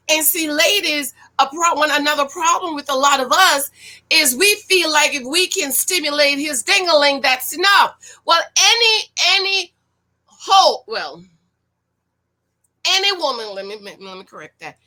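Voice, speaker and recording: A woman talks in a high, bright voice, recapping a show in a loose, chatty way. She speaks frankly and with energy, and often turns to give pointed advice to women. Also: animated, a little slow. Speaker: reality-show reviewer. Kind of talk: casual video commentary.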